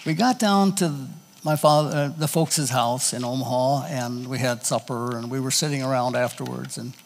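A man preaching a sermon in a folksy, halting, conversational way, telling personal stories to his congregation. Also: medium pitch, creaky, big-room sound, a little hiss or hum.

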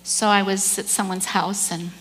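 A woman giving a church message, telling a story with animated delivery and acting out the people in it. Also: mid-range voice, normal speed, long reverb tail, slight background noise. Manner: animated storyteller, acts out quoted voices, repeats words. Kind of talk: sermon storytelling.

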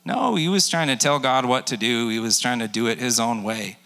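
A man in his forties preaches a sermon in a conversational, joking way, acting out quotes from the people in his story. His voice is medium-pitched, gravelly and fairly bright, and he talks fairly quickly, with the long echo of a large hall around him.

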